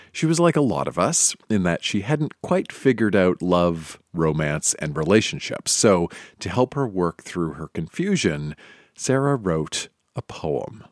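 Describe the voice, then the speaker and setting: Male host, very low voice, dry close sound, scripted intro. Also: dry recording. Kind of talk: scripted narration.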